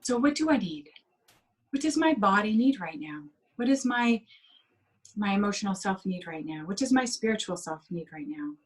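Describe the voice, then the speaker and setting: A woman coaching on sugar addiction as a guest in an interview, speaking gently and heartfelt, sometimes acting out inner voices. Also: mid-range voice, animated, moderate pace, low-quality recording. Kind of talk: interview over video call.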